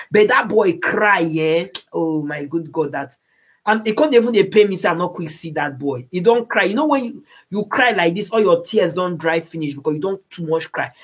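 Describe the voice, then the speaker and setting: A woman's voice: mid-range voice, breathy edge. A woman with a Nigerian accent giving earnest moral advice, slipping into Pidgin phrases and repeating words as she searches for them.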